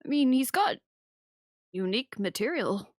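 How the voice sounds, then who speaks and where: A woman's voice: on the high side, sing-song, normal speed, no room sound, studio quality. A woman playing in a tabletop game, giggly and casual, full of "like". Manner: giggly, lots of "like". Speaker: player.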